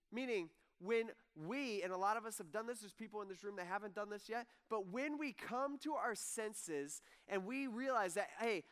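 A man's voice: high voice, sharp tone, clean tone. A man preaching a sermon in a casual, conversational way, acting out the people he quotes. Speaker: pastor. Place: church hall with audience.

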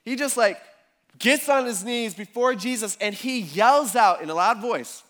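A man preaching a sermon as pastor, telling the story in a casual, animated way with slang. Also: very high-pitched, unhurried.

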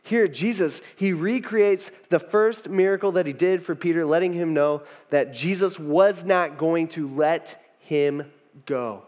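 High-voiced casual young male pastor. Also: measured pace, darkish tone. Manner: casual storytelling with fillers and restarts. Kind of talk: conversational sermon.

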